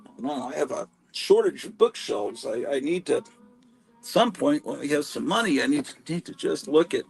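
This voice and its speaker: Gravelly guy rambling on his home livestream, voice sits a bit high, music faint behind. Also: animated, moderate pace, low-quality recording. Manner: rambling, chatty, self-deprecating. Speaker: live stream host. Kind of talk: casual live-stream chat. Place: home room stacked with comics.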